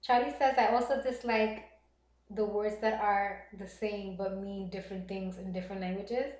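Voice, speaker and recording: A woman streaming live, chatting casually with viewers and reading their comments aloud, animated and quick to laugh. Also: medium pitch. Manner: animated, laughs often, reads chat aloud. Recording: roomy echo.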